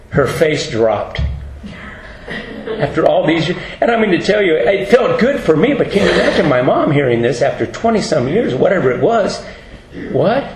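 A middle-aged pastor with a mid-range, darkish voice delivers a storytelling sermon, folksy and earnest, performing the voices of the people he quotes. The recording has the roomy sound of a hall with faint ambience.

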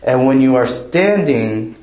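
Speaking at an unhurried pace, a male preacher keeps his sermon easygoing and conversational, often asking the congregation questions. His medium-pitched voice is expressive with a darkish tone, and the church hall gives it a roomy echo.

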